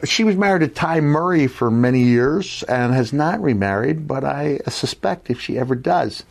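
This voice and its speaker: Male podcast host, rambling storyteller, middle pitch; casual chat. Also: lively intonation, moderate pace, gravelly. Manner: rambling storyteller, many fillers and restarts.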